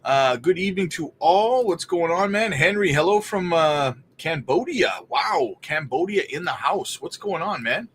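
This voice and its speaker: A man's voice: a little high, measured pace, few pauses, slight background noise. A man hosting a casual livestream, chatting loosely and greeting viewers by name as he goes. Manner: relaxed, laughs between remarks. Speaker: crypto livestream host.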